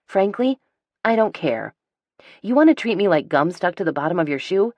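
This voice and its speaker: A woman voicing a bubbly, pushy young woman who insists on getting her way, talking brightly over every objection. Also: fairly low pitch, sing-song, normal speed, no room sound, pitched above the performer's own voice. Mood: defiant.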